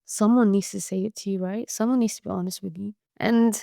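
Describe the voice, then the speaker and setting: A woman's voice: mid-range voice, steady tone, a little fast, creaky, dark tone, no room sound, clean studio sound. A woman hosting a podcast solo, talking bluntly and profanely, like a tough-love pep talk. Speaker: podcast host. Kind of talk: casual monologue.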